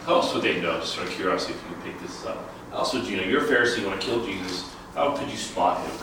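Man, low voice, casual Bible study leader questioning the group, echoey room, heard from a distance. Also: racing, background noise. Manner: asks the group questions, conversational. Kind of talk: informal Bible study teaching. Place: church room.

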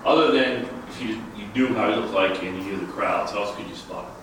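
Man, low voice, casual Bible study leader questioning the group, echoey room, heard from a distance. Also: a little fast, background noise. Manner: asks the group questions, conversational. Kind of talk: informal Bible study teaching. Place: church room.

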